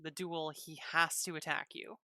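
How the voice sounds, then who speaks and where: A woman's voice: low-pitched, fairly even intonation, moderate pace, bright, forceful tone, no echo, clean studio sound. A woman running a tabletop game as game master on a stream, teasing and laughing often.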